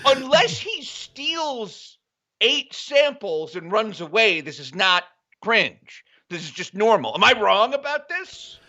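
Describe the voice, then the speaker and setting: A man talks sarcastically on a podcast, his voice very high and bright. He jumps around animatedly in pitch. His mic sounds a little dull and lo-fi. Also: slow pace. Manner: sarcastic, animated, puts on silly accents. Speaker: podcast guest. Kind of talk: casual podcast banter.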